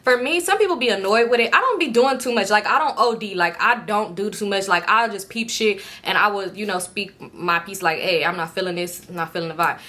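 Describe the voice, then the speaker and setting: Bright-voiced woman telling a story. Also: medium pitch, a little fast, few pauses. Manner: animated, profane and laughing. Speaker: storytime vlogger. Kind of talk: casual storytime.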